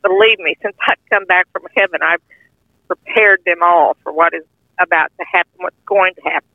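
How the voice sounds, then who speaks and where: A woman's voice: fairly low pitch, moderate pace, no echo. An older woman earnestly telling a heartfelt personal testimony in plain, informal speech. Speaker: guest sharing a testimony. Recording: tinny phone-line audio, dry.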